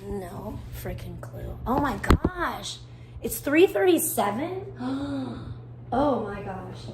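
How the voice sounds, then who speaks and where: A woman's voice: fairly high pitch, sing-song, takes it slowly, very noisy. A woman live-streaming outdoors from her phone while tanning, chatting casually with rambling, crude jokes and muttering to herself.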